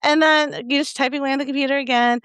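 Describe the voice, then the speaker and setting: A woman's voice: high-pitched, steady tone, rapid-fire, a bit bright, dry recording. A young adult woman co-hosting a podcast in casual chat, telling a story animatedly with lots of fillers and acted-out quotes. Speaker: podcast co-host.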